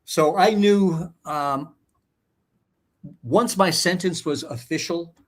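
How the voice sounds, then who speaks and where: A man's voice: fairly high pitch, slow pace. A man in his seventies, a guest in a casual interview, telling his story bluntly and swearing for emphasis. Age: 70s.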